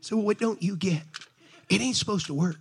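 A middle-aged man preaching a sermon to a congregation in an animated, conversational way, talking straight to his listeners. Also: high-pitched, normal speed, gravelly, slightly rough. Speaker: pastor. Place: church service before a congregation.

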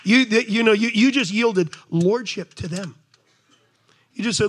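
A middle-aged man preaching a sermon to a congregation in an animated, conversational way, talking straight to his listeners. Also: high voice, measured pace, pauses often. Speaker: pastor. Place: church service before a congregation.

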